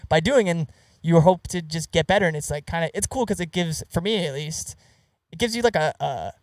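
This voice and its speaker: A man's voice: high-pitched, dry recording, recorded from a distance. Young man rambling, slightly off mic. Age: young adult. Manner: rambling, says "like" often. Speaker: podcast host. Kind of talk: casual chat.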